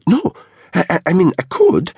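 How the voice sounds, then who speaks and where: A man's voice: sits high, huge pitch swings, moderate pace, vocal fry, a little mellow, slightly rough, no room sound, studio quality, pitched above the performer's own voice, full character voice. A narrator voicing a meek, nervous male driver who stammers and tries to please. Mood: flustered.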